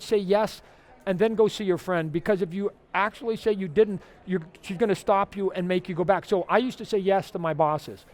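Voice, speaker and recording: A man guest at a convention interview, talking with energy and acting out the people in his stories. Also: high voice. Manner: energetic, animated, acts out quoted exchanges. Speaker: interview guest, comic artist. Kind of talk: animated storytelling interview. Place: toy fair convention floor.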